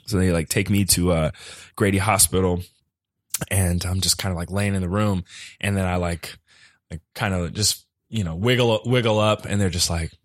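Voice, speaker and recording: A man on a studio mic, a podcast guest telling a comedic story casually with lots of fillers, jumping high when he quotes people. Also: steady tone, normal speed, no echo. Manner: loose, filler-heavy telling that jumps high for quoted voices.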